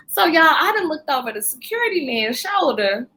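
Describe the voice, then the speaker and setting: Woman, podcast guest; high, bright voice; animated storyteller in casual chat. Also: normal speed, few pauses. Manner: animated, vents to listeners as "y'all".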